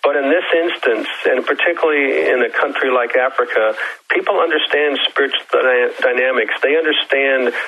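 A man, a guest evangelist, earnestly recounting an experience in a halting way, often repeating his words. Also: mid-range voice, breathy edge, lo-fi sound. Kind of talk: storytelling interview answer.

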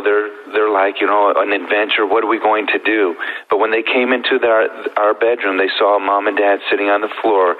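A middle-aged man telling his personal story as a guest, earnest and heartfelt with slow pauses. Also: on the low side. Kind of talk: emotional personal testimony. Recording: thin phone-like sound.

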